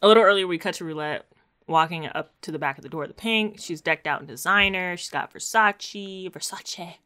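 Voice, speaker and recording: A woman's voice: deep voice, fast, bright, forceful tone. A woman co-hosting a casual chat, laughing often as she recaps scenes. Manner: laid-back storytelling with frequent laughs. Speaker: podcast co-host recapping a TV episode.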